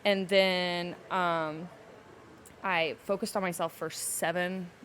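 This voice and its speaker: A young adult woman, a podcast guest telling her personal story candidly and emotionally, slowing down to hold back tears. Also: on the low side, flat delivery, fairly bright tone, slight background noise. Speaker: podcast guest, salon owner.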